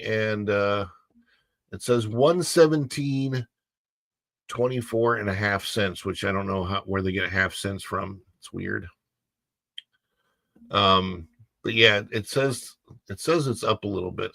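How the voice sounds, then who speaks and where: A man's voice: fairly low pitch, lively intonation, a little slow, creaky, fairly bright tone, no echo. Rambling middle-aged male livestream host. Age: 50s. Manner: rambling and self-deprecating, full of fillers. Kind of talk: casual livestream chat.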